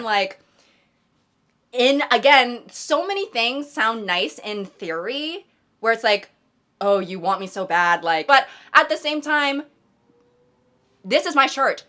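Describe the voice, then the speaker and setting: A woman in her twenties giving casual, sarcastic, animated commentary on viewer stories she reads out as a video host. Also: sits high, slow pace. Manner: sarcastic, animated, exaggerated reactions.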